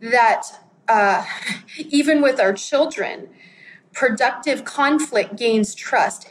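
A woman's voice: a little high, low-quality recording. A woman in her forties giving a candid, conversational sermon and acting out her own quotes. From United States. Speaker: pastor.

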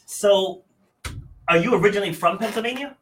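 A man's voice: sits high, brisk, a bit bright, slight background noise, rough recording. A man with a New England accent hosting a podcast interview, chatty and friendly, laughing often. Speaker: podcast host. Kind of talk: casual interview chat.

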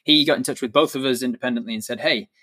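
A man, a dungeon master, talking as an interview guest in a relaxed, explanatory way with occasional chuckles. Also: mid-range voice, racing, dry recording. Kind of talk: casual interview.

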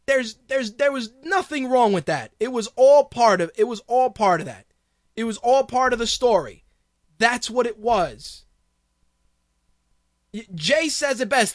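A man's voice: extremely high pitch, expressive, measured pace, dry recording, studio quality. A man hosting a radio show, ranting casually in a heated, profane way with lots of restarts. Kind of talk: casual on-air rant.

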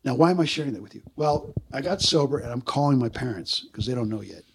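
A man in his sixties, a former Marine, telling lively stories in a casual interview and acting out other people's voices. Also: medium pitch, fast, creaky, slight background noise. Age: 60s. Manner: animated storyteller who acts out other people's voices. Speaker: guest, former Marine combat artist.

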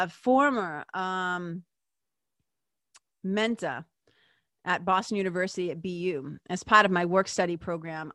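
A woman's voice: fairly low pitch, sharp tone, no echo, clean studio sound. A woman hosting a show, telling a personal story in a chatty, emphatic way and speaking straight to her listeners. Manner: chatty and emphatic, many fillers like "like" and "you know"; addresses listeners directly. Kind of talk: casual personal storytelling monologue.

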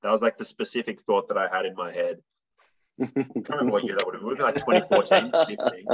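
A man's voice: lowish voice, animated, fast talker, dull audio, a crowd in the background. A young man, a musician guest, telling stories in a casual, rambling way full of fillers. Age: young adult. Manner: rambling, filler-heavy storytelling. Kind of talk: casual interview chat.

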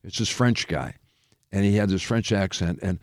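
A man with a low voice tells rambling anecdotes in casual chat, stumbling over fillers and laughing at his own stories. He sounds like a radio show host talking as a guest. The sound is dry and close. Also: moderate pace, dry recording.

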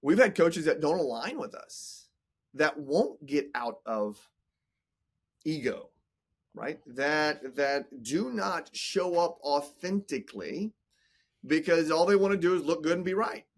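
Forties guy, coach on a podcast, fired up and preachy, slightly high voice, repeats himself a lot. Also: expressive, a little slow, breathy edge. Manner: emphatic, motivational, repeats words as he goes. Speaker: business coach and entrepreneur guest. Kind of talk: casual podcast interview.

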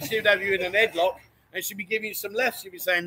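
A man's voice: sits high, little pitch movement, fast talker, noisy background. A man hosting a livestream from inside a bookshop, reading out viewer comments and teasing his co-hosts in a jokey, banter-filled way. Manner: jokey, teasing, often says "unbelievable". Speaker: livestream host. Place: indoors in a bookshop.

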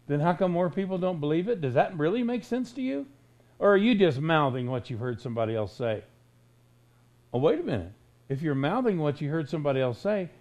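A man's voice: fairly high pitch, darkish tone. A man preaching a conversational sermon, blunt and folksy, firing sarcastic rhetorical questions at his listeners.

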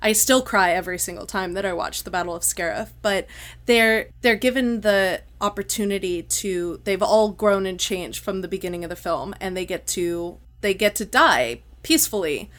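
A woman's voice: mid-range voice, fairly bright tone. Effusive woman podcast host. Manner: effusive, emotional, rapid rambling. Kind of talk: casual podcast discussion.

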